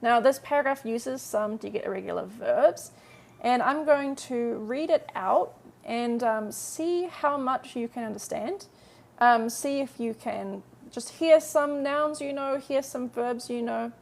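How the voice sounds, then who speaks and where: Teaching Korean on a live stream, a chatty woman breaks each point down step by step. Her voice is a bit high and a little mellow with some gravelly fry, and her pace drops sharply when she models English translations.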